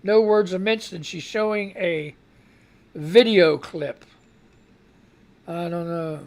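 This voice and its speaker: A man with a high, slightly mellow voice and an unhurried delivery hosts a live radio news show, reading headlines off a screen. He keeps wandering into rambling commentary and exasperated outbursts, sounding as though he's holding back a cough.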